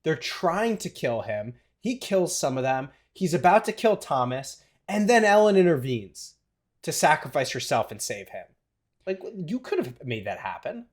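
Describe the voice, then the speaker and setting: A man's voice: fairly high pitch, sing-song, moderate pace. A man co-hosting a podcast, chatting casually about a film in an exasperated, questioning way. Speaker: podcast co-host. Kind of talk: casual chat, film review.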